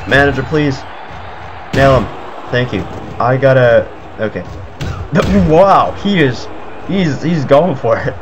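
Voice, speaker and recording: A man giving excitable let's play commentary, breaking into panicky outbursts and cursing. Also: mid-range voice, takes it slowly, pauses often. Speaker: gaming video creator. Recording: slightly muffled audio with game music. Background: video game music.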